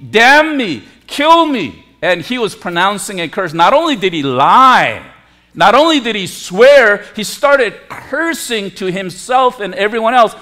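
A man preaching a sermon as pastor, emphatic, with forceful rising peaks on key words. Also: high-pitched. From lived in Korea.

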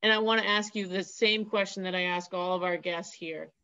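A woman's voice: fairly low pitch, fairly even intonation, fairly quick, bright, forceful tone, clean tone, muffled recording. A woman hosting a podcast interview who talks with enthusiasm and sums up her guest's points for listeners. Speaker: podcast host. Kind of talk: casual interview talk.

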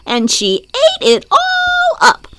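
A woman reading a children's story aloud in an expressive, sing-song way. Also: very high-pitched, takes it slowly, no room sound.

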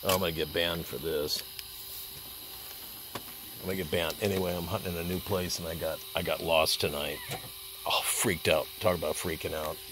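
A man's voice: low-pitched, level tone, moderate pace, pauses often, noisy background. A man vlogging a night hunt outdoors in a casual, rambling, profane way, talking to his dog and the animal through a handheld camera. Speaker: hunting vlogger. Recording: loud night insects outdoors.

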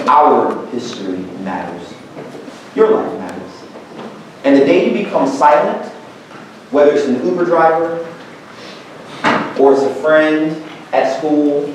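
A man's voice: mid-range voice, a little mellow, slight background noise. A man giving a motivational talk to a school audience, telling stories and acting out the voices of the people in them. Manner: storytelling, acts out quoted voices. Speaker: guest speaker. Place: school auditorium. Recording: very echoey hall, mic far off.

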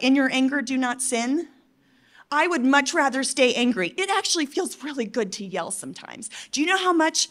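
A woman giving an impassioned, tearful conference address, pleading and emphatic with her audience, swinging between loud outbursts and soft, hushed moments. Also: sits high. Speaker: conference speaker.

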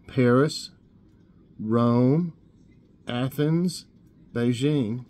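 A man hosting a casual trivia show, reading questions aloud and thinking out loud as he guesses. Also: mid-range voice, extremely slow, long pauses. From Tennessee. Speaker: host.

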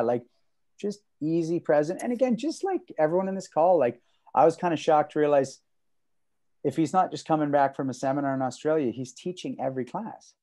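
A man co-hosting a casual martial arts podcast over a video call, telling stories and acting out quotes in sudden loud, high bursts. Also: animated, a little fast. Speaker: podcast co-host.

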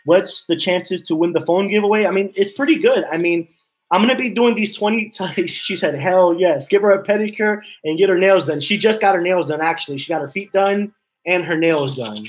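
A man's voice: sits high, fairly quick, low-quality recording. A man hosting a casual live stream from his home office, rambling and repeating himself as he reads chat messages aloud. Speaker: livestream host.

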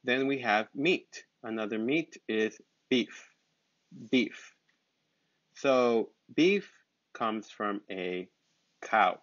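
Male teacher, lowish voice, patient drilling of simple words, lo-fi recording. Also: animated, fairly bright tone, dry recording. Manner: repeats words slowly and patiently. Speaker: English teacher. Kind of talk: slow, simple vocabulary lesson. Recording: dull, lo-fi sound.

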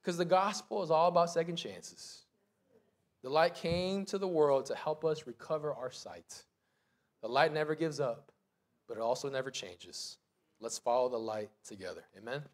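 A man in his thirties preaching a sermon in a church, telling stories with lively acted-out voices. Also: fairly high pitch, moderate pace. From United States. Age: 30s. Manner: animated storytelling, acts out voices and sounds. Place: church sanctuary.

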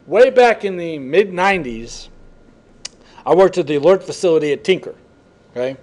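A man's voice: fairly high pitch, animated, moderate pace, darkish tone. A man lecturing a class, telling chatty, folksy stories in a classroom. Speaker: college instructor.

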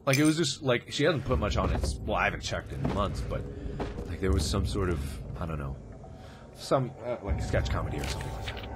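A man's voice: sits low, lively intonation, fairly quick. A man commentating a horror game let's play, jumpy and giggly, screaming at scares and muttering to himself in between. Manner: chatty self-talk, mutters and whispers between scares. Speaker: gaming video host. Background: game music.

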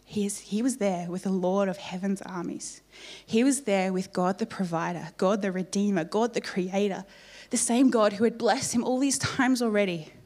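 A woman preaching a sermon in church, telling the story in a lively way with playful asides to the congregation. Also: medium pitch, moderate pace.

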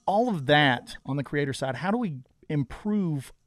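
A man's voice: on the high side, animated, moderate pace, dry recording. A man hosting a casual podcast conversation, asking earnest questions and restarting his sentences often. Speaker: podcast host.

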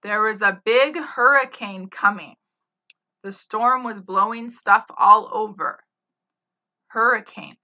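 A woman teaching spelling, saying each word slowly, spelling it letter by letter and using it in a sentence. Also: mid-range voice, pushed and bright. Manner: spells words letter by letter, then gives example sentences. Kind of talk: slow dictation of spelling words. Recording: slightly dull lo-fi sound.

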